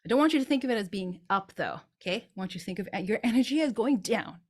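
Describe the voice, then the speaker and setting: A woman's voice: medium pitch, lively intonation, quick pace, a little mellow. A woman vocal coach explaining singing technique and breaking into short sung demonstrations of phrases.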